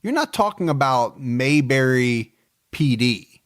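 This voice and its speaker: A man in his forties co-hosting a true-crime podcast, telling the case in a relaxed, joking way with plenty of fillers. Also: mid-range voice, a little slow. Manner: storytelling, joking, many fillers. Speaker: podcast co-host.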